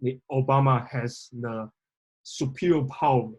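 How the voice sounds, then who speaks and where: Husky-voiced man hosting a discussion. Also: mid-range voice, measured pace, a little mellow. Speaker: host. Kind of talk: casual discussion.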